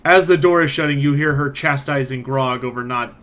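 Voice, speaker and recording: A man narrating a tabletop role-playing game as game master, moving quickly between narration and character lines. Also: mid-range voice, a bit bright.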